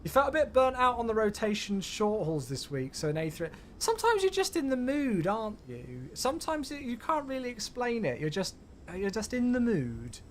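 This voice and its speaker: A man with a fairly high voice talks casually to his live-stream audience, welcoming viewers by name. Every so often he switches to clipped pilot radio phrasing. A faint hiss sits under his voice. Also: very animated, moderate pace, a bit bright. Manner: chatty, greets viewers by name. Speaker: flight sim streamer.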